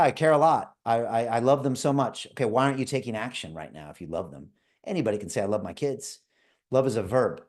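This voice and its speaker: A middle-aged man hosting a live online call, making an urgent, repetitive sales pitch and checking in with "okay?" and "right?". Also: darkish tone. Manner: urgent, repetitive tag questions. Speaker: livestream host selling a crypto course.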